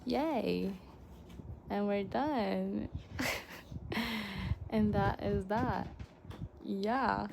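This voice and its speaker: A young woman vlogger unboxing fan merchandise in casual chat, gushing and excitable with frequent gasps and exclamations. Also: medium pitch, extremely slow, gravelly, pauses often, noisy background.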